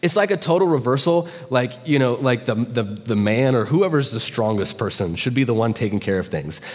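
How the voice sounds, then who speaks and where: A male pastor giving a sermon, telling jokes and stories in an animated way. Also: mid-range voice, brisk. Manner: animated storytelling, joking asides. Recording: long hall reverb.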